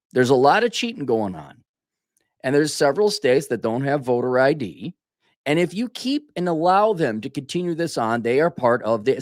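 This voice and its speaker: A man's voice: on the high side, a little mellow, dry recording, clean studio sound. A man from Minnesota delivering an opinionated solo commentary, ranting and often correcting himself mid-sentence. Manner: opinionated, ranting, with frequent self-corrections and asides. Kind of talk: opinion monologue.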